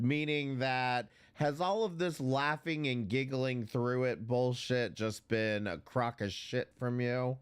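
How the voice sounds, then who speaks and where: A man's voice: medium pitch, takes it slowly, clear, resonant tone. A man hosting a reaction commentary show, blunt and mocking, swearing often. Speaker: commentary host.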